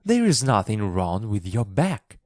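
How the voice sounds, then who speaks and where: A man voicing an angry, bossy little girl in a storybook reading for English learners, with a sharp, scolding manner. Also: fairly low pitch, big pitch swings, measured pace, no echo, studio quality. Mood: firm.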